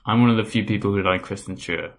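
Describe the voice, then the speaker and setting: A man's voice: lowish voice, racing. A man co-hosting a podcast, chatting casually in a dry, teasing way. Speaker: podcast co-host. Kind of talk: casual chat.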